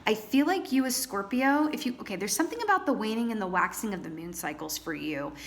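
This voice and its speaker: A woman's voice: mid-range voice, animated, fast. A woman reading tarot cards to camera in a chatty, theatrical way, calling viewers honey and darlings. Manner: theatrical, trained stage performer. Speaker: tarot reader.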